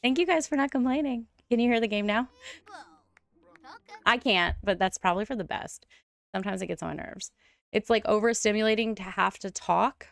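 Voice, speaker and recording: Chatty woman streamer with a gravelly edge. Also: medium pitch, dry recording. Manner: chatty, rambling, laughs often. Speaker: gaming streamer. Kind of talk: casual live stream chat.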